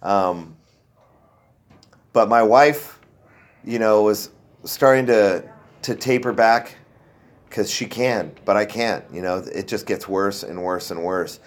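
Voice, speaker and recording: A man's voice: on the low side, slow, long pauses. A man shares his own recovery story in loose, casual testimony. He rambles with fillers and restarts, and he jokes at his own expense as he goes. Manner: rambling and self-deprecating, with many fillers and restarts. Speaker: speaker sharing a recovery story.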